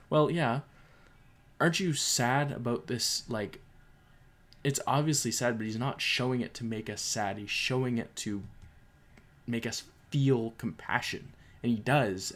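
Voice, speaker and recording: A young man giving a casual spoken book review, emotional and rambling, with frequent restarts and fillers. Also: mid-range voice.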